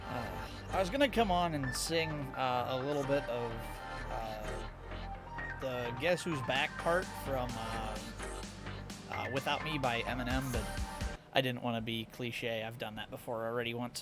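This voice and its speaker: A tired man with a Midwestern American accent, chatting casually and laughing often as he streams live to his chat. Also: fairly high pitch. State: a little tired.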